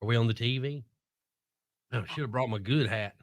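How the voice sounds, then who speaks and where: A man with a medium-pitched voice, talking a little fast, co-hosts a casual morning radio show from a studio, joking and telling news stories in a self-deprecating way. He's on a studio mic with no room sound.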